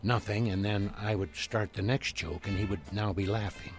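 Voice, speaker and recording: An older man from Canada, a guest impressionist, telling lively show-business anecdotes by phone on a radio interview. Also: fairly low pitch, moderate pace, music in the background. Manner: lively, animated storyteller who slips into other voices. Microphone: telephone call-in.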